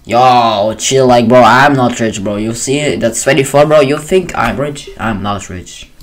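A man's voice: medium pitch, unhurried, soft background music. A man chatting casually on a gaming livestream, rambling and tacking "bro" onto nearly every line. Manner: rambling, says "bro" constantly, frequent laughs. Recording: keyboard clicks and typing noise. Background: keyboard typing.

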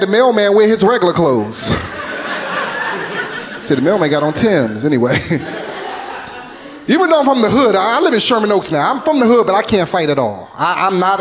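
A man in his forties from North Philadelphia doing a loose, animated stand-up set in a comedy club. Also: sits high, slight background noise. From North Philadelphia, USA. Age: 40s.

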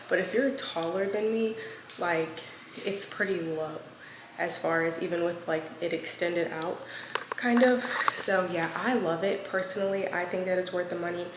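A young mother chats through a casual home vlog, dropping "like" and "um" as she reviews baby gear. Her voice rings in an echoey room, and noise is plain behind her. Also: lowish voice. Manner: chatty, full of "like" and "um" fillers. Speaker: vlogger and mother of a newborn. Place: at home, moving between rooms and the car.

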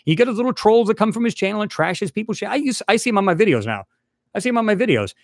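A man's voice: sits high, very animated, rapid-fire, no room sound, studio quality. A man hosting his own channel, ranting heatedly and repetitively at a rival he addresses directly. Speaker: channel host. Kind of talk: angry ranting vlog.

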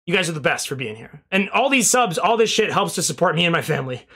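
A man's voice: a little high, very animated, fast talker, a bit bright, slightly rough. A young man streaming, rambling casually through thank-yous to his chat and swearing now and then, a little out of breath.

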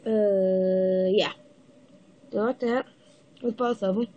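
A woman with the hiccups giving a casual step-by-step building tutorial, halting and pausing mid-step to show the pieces. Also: mid-range voice, steady tone, warm tone, dull audio. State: has the hiccups. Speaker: toy builder giving instructions.

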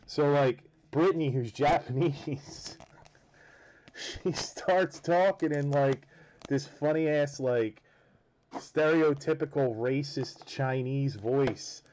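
A man's voice: mid-range voice, slow, a little mellow. A man hosting a card break, chatting casually in a rambling, joking way and swearing freely. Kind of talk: casual chat while opening cards. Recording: dull lo-fi with faint noise.

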